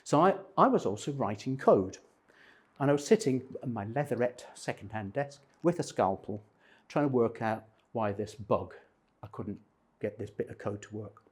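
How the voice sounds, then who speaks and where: Husky older man telling funny stories. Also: mid-range voice, animated, normal speed. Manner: self-deprecating, humorous anecdotes. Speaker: speaker at a men's breakfast.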